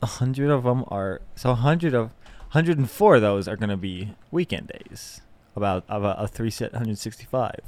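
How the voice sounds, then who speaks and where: A man's voice: on the low side, moderate pace, a little mellow. A young man hosting a casual solo podcast, rambling and self-deprecating, with plenty of fillers and restarts. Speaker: podcast host.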